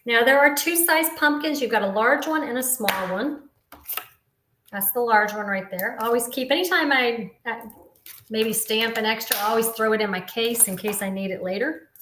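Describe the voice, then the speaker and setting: A woman's voice: a little high, moderate pace, echoey room, background noise. A woman in her fifties casually demonstrating a papercraft project, explaining each step as she works. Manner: chatty, explains step by step while working. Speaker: papercraft instructor.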